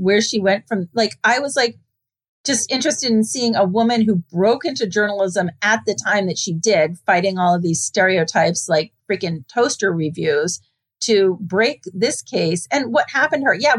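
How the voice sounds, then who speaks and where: A woman co-hosting a podcast, talking emphatically about a film. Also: mid-range voice. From lives near Boston. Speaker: podcast co-host. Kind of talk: casual chat.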